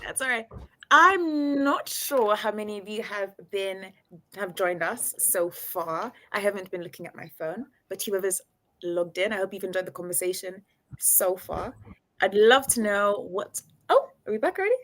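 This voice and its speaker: Bright-voiced woman host. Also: mid-range voice, lively intonation, moderate pace. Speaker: podcast host. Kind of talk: live-streamed interview.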